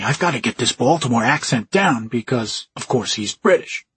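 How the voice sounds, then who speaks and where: A man telling an anecdote in an interview, animated and acting out the dialogue. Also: medium pitch, moderate pace, breathy edge, dry recording. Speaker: actor interviewee.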